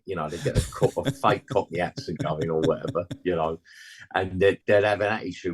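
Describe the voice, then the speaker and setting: A man's voice: deep voice, a little fast, breathy edge. A man in his sixties, a musician guest, rambling and blunt in casual interview chat, full of "you know" and slangy asides.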